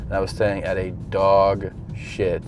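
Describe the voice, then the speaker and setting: A man's voice: low-pitched, completely flat delivery, a little slow, a little mellow, a little hiss or hum. Laid-back man telling stories in a car. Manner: laid-back, profane, rambling storyteller. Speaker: touring comedian. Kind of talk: casual storytelling vlog. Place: inside a car.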